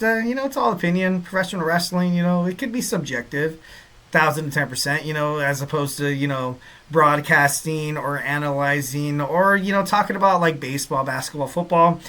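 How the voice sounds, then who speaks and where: A man's voice: on the high side, bright, forceful tone. A male podcast host talks casually from his home setup, drifting from point to point and padding his lines with filler. His tone stays upbeat and playful, with frequent self-deprecating jokes. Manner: rambling, heavy on "you know" fillers. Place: home in Southern California.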